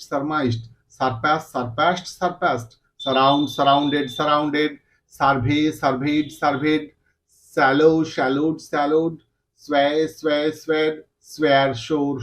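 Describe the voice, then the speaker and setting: A man teaching English, slowly reciting verb forms one word at a time for beginners. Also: fairly high pitch. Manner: slow, deliberate recitation of single words.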